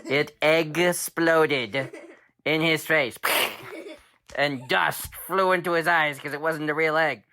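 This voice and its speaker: Slow animated storytelling dad. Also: male voice, fairly high pitch. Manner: animated, with sound effects and drawn-out pauses. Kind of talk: bedtime story told aloud to a child.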